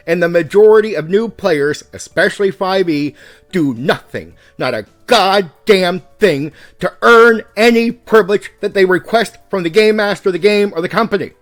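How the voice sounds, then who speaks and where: Fired-up man ranting, high-pitched voice. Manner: heated and profane, pushing his points hard; swings between raised and calm speech on purpose. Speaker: YouTube host and game master. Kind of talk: ranting commentary to the camera.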